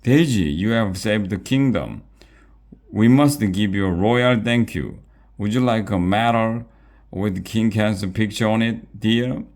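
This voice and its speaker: Gushing grateful queen, storybook figure, a man reading her, raised exclaiming voice, slow. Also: fairly low pitch, darkish tone, pitched above the performer's own voice.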